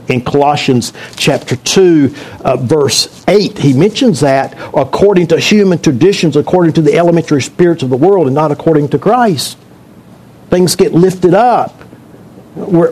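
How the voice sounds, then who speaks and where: A man's voice: a little high, darkish tone, husky. A man preaching a sermon to his congregation in a church, talking in a conversational, joking way and asking the room questions. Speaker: pastor.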